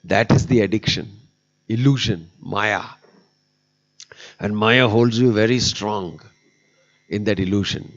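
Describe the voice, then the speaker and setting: A monk delivers a sermon in a low voice. He tells stories with humor and rises to emphatic peaks. The recording is dull and lo-fi. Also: a little slow, pauses often. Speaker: monk giving a discourse.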